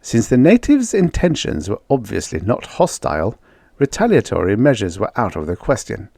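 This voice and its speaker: A man narrating a vintage science fiction story in a lively storytelling manner. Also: fairly low pitch, moderate pace, vocal fry, no room sound, clean studio sound. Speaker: audiobook narrator. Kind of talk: scripted narration.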